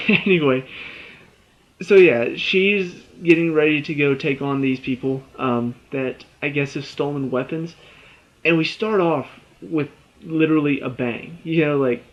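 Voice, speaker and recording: An eager man gushes through a TV episode review, rambling and restarting his words as he goes. His voice sits a little high for a man. The recording is dull and lo-fi. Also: measured pace. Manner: excitable, rambling, laughs often, restarts words. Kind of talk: excited casual review.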